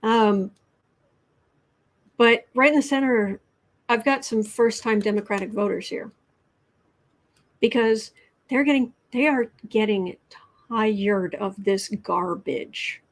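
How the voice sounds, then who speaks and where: A woman hosting a casual tarot livestream, talking in a halting way with many ums and restarts, blunt and sarcastic. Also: fairly high pitch. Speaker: tarot and astrology livestream host. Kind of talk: casual political commentary livestream.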